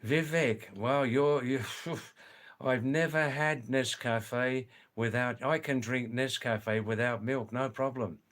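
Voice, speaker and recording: Hosting a casual live stream, a man with an Australian accent chats and reads viewer comments aloud. His voice is medium-pitched and fairly bright, and he takes it slowly.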